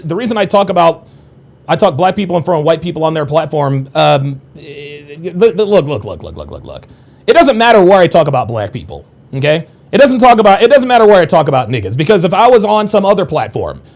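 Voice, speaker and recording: Male live-stream host, high and animated delivery, profane and combative. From United States. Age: adult. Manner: profane, combative when angered. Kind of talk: live stream chat, reading viewer comments.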